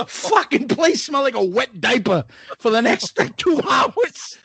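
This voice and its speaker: Breathless guy cracking up at his own story, husky and high, dry sound. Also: sing-song, a little slow, sharp tone, dry recording. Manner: laughing through his story, profane. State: out of breath from laughing. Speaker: podcast co-host. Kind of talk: casual storytelling.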